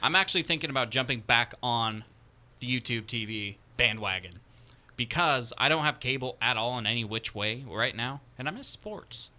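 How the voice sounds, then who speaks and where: A man's voice: medium pitch, normal speed, pushed and bright. A man co-hosting a radio station's chat show, who tells stories in a chatty, enthusiastic way. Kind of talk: casual studio chat.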